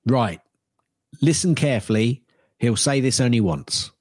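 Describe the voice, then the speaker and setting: A man co-hosting a podcast, briskly cueing clips in casual chat. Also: mid-range voice, expressive, a little mellow, husky, no room sound, clean studio sound. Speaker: podcast co-host.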